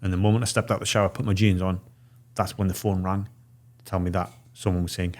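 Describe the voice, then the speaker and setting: A man in his forties with a low voice tells a story in a casual podcast chat. He lays it out step by step and drops into the voices of the people he meets as he quotes them. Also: level tone, quick pace. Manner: vivid storyteller, acting out quoted dialogue. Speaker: podcast guest.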